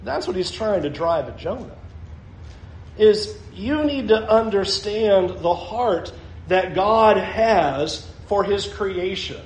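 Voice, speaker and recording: A man's voice: high voice, animated, slow pace, roomy sound. A male pastor preaching a sermon in a conversational way, often chuckling as he makes his points.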